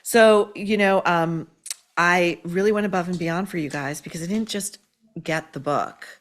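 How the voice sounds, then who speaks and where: A woman's voice: fairly low pitch, normal speed. A woman hosting a podcast, giving blunt, profane, sarcastic pop-culture commentary, full of "like" and "okay?". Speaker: podcast host.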